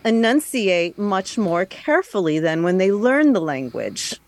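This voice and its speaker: A woman's voice: medium pitch, big pitch swings, a little slow, no room sound. A woman with a mid-range voice co-hosts a radio talk show on a dry studio mic. She asks questions and restarts her sentences often.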